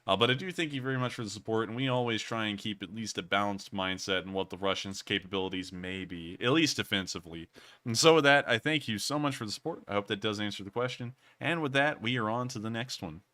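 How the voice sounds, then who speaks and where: Bright, clear-voiced man hosting a livestream. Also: on the low side, fast. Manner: casual, rambling, repeats stock phrases. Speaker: host. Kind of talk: livestream commentary and Q&A.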